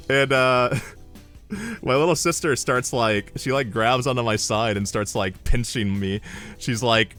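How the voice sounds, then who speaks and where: A man's voice: medium pitch, big pitch swings, normal speed, fairly bright tone, faint music behind. A man streamer chatting casually, telling rambling stories, swearing freely and laughing at his own jokes. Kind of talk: casual storytelling chat.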